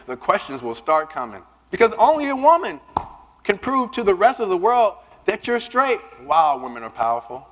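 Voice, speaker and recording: A man giving a keynote speech, telling a personal story with lively, acted-out dialogue. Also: sits high. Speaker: keynote speaker. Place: large conference hall. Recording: long reverb of a big hall.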